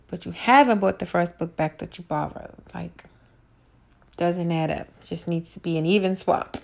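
A woman's voice: on the low side, normal speed, gravelly, darkish tone. A young woman hosting her own podcast, ranting casually in a blunt, profane way and repeating her points. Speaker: podcast host. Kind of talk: casual solo podcast rant.

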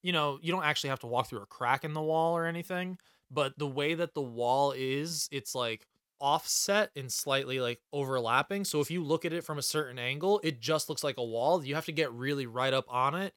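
A man's voice: a little high, fairly quick, fairly bright tone, clear, resonant tone, dry recording, clean studio sound. A young man co-hosting a podcast in casual chat, jokey and rambling, swearing freely. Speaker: podcast co-host.

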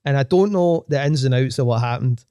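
Rambling Glaswegian man, mellow dry voice. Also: mid-range voice, fairly quick, clean tone, no room sound. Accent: Glaswegian Scottish. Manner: rambling storyteller with frequent restarts and swearing. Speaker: DJ guest telling stories. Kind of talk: casual podcast chat.

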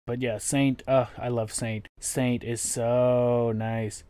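A man's voice: medium pitch, little pitch movement, dark tone, clean tone, no echo. Male podcast host, casual, profane, chatty, dry close recording. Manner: chatty, profane, acts out quick impressions.

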